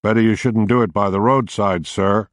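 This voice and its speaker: A man's voice: fairly low pitch, steady tone, normal speed, dry recording, clean studio sound, close to an everyday voice. A man doing a folksy upstate New York state trooper. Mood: friendly, uneasy. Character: friendly middle-aged male state trooper.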